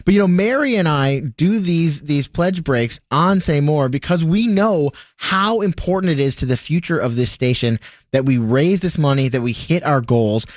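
A man's voice: fairly high pitch, lively intonation, moderate pace, dry recording. A man co-hosting a call-in radio show in a studio, chatty and eager with callers and pledge appeals. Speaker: radio co-host.

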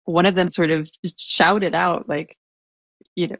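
A soft-spoken woman with a low-pitched, husky voice and a gravelly edge tells a personal story as a guest in a casual interview. Her tone is steady and a little slow, and she hesitates, restarts and leans on fillers; the recording is close and dry with no room sound. She describes herself as an introvert.

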